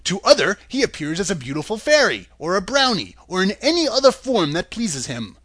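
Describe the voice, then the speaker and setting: A talkative farmer played by the male storyteller explains in a confident, matter-of-fact way. His voice moves with lively pitch and sits dry and close to the mic. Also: brisk, no room sound, full character voice. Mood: explaining. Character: knowing, talkative grown farmer man.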